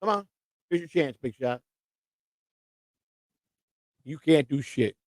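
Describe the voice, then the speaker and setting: A man's voice: fairly high pitch, expressive, slow, dry recording. A middle-aged man hosting a live stream, rambling and combative in casual chat. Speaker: livestream host.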